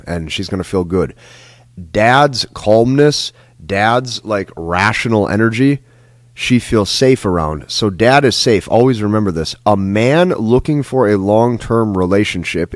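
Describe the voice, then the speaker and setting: In clean studio quality with no room sound, a man with a lowish voice lectures on dating as a coach. He speaks emphatically, repeats himself, and keeps tagging lines with "like" and "right?".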